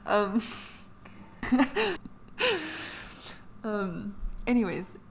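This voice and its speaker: A woman's voice: mid-range voice, drawn-out words, slight background noise. A young woman co-hosting a podcast in casual chat, rambling with lots of fillers and giggles. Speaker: podcast co-host.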